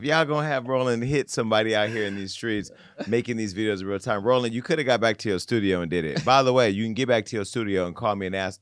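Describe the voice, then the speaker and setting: A man's voice: on the low side, dry recording. Sassy man hosting gossip talk, dry sound. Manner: sassy, playful, talks straight to the audience. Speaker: host. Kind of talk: casual commentary on celebrity news and politics.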